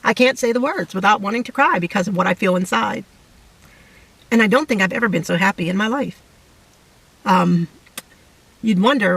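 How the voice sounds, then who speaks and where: A middle-aged woman giving an emotional personal testimony to camera, halting and fighting back tears. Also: mid-range voice, vocal fry, fairly bright tone, breathy edge, distant mic, low-quality recording. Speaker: vlogger sharing a testimony.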